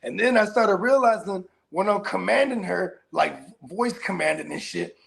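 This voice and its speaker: High, gravelly laughing man. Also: moderate pace, a bit bright. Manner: laughs often, acts out quotes in other voices. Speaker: podcast co-host. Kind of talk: casual chat.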